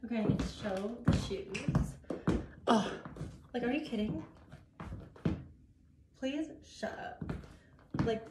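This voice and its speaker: A young woman who is an actor, gushing in a casual vlog from her messy bedroom. She talks excitedly and leans on "like" a lot. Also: a little high, takes it slowly, long pauses. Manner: gushing, excitable, heavy use of "like". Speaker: actor and vlogger. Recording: echoey room, mic at a distance, background noise.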